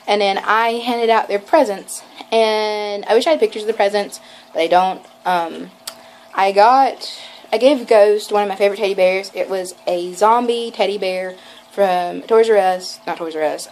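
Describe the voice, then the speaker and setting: A young woman tells a fan story straight to camera, gushing and rambling, dropping "like" into every sentence. Her voice sits at an ordinary middle pitch. A faint hiss of room noise sits behind her. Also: a little mellow, low-quality recording. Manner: gushing, rambling, lots of "like" and acted quotes. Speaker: vlogger. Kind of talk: casual storytelling vlog.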